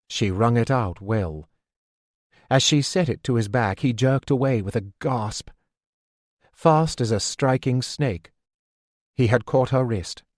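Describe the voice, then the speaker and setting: A man narrating a fantasy audiobook in a steady, measured storytelling voice on a close studio mic. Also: medium pitch, no room sound. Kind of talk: scripted narration.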